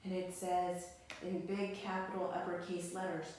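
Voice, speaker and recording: Woman preschool teacher, gentle read-aloud, heard far off in a roomy space. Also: lowish voice, moderate pace, slight background noise. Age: adult, mother. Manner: gentle, expressive, addressing children. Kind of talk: read-aloud storytelling for children. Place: indoor room at home. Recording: echoey room, mic far off.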